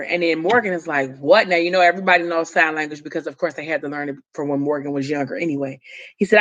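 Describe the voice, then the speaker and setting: A vlogger speaking straight to viewers, retelling a story in a loose, chatty way. The talk wanders, with fillers and side comments along the way. The voice sits at an ordinary middle pitch. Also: fast, fairly bright tone. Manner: rambling, loose retelling with many fillers and asides. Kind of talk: casual story recap to viewers.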